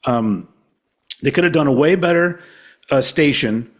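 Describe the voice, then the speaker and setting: A man from Texas co-hosting a podcast, chatting casually with a rambling, swearing delivery that sometimes trails off quietly. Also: a little high, lively intonation, measured pace. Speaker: podcast co-host. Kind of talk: casual chat.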